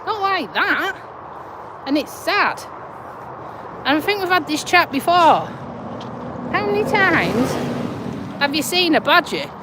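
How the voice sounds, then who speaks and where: A woman talks casually to her live-stream viewers while walking outside. Her voice sits high and moves a lot, chatty and quick to laugh, with faint street noise in the background. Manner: chatty storytelling, laughs often. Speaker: vlogger.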